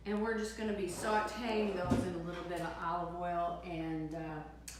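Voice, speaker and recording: A woman's voice: on the low side, level tone, moderate pace. A woman hosting a live cooking demonstration, chatty and playful, with many fillers and restarts. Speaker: cooking show host. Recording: echoey room, far from the mic, noisy.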